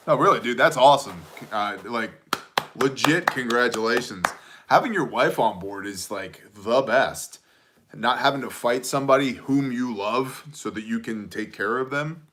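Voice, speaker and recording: Guy in his 30s doing a live chat stream, bright kinda forceful voice, jokey, reads comments out loud. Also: medium pitch, expressive, a little slow. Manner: joking, conversational, reads chat aloud. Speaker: livestream host answering chat.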